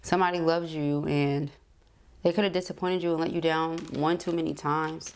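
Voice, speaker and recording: A woman reads tarot cards in a relaxed, conversational way, reassuring the listener and calling them beloved and honey. Her voice sits low, with a gravelly, fry-tinged texture. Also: moderate pace. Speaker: tarot reader. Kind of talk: casual tarot reading.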